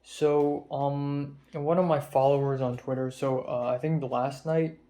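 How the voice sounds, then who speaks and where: A tired young man rambling and swearing in a soft-spoken confessional vlog about his stress. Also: medium pitch, level tone, measured pace. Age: young adult. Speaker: vlogger. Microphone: phone camera.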